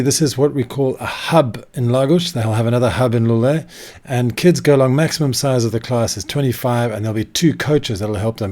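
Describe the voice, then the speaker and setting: A man's voice: medium pitch, warm tone. A man hosting a casual explainer vlog, talking in a chatty, conversational way with asides to his viewers, recorded indoors. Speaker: vlog host. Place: indoor room.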